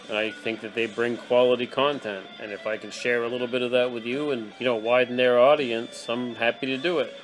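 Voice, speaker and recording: A young man hosting an absurdist comedy show, swinging from manic yelled bursts to mumbled asides. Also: medium pitch. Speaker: host.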